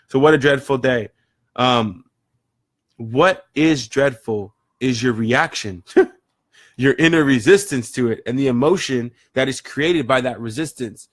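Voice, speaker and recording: A man's voice: medium pitch, no echo, clean studio sound. A man giving an earnest, rambling motivational monologue, often repeating words as he thinks aloud. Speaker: motivational vlogger. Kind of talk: reflective casual monologue.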